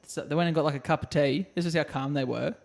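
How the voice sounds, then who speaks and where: A man's voice: fairly high pitch, fairly even intonation, quick pace, creaky. A man co-hosting a podcast, telling stories in a jokey way and acting out quotes with sound effects. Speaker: podcast co-host. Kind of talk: casual storytelling chat.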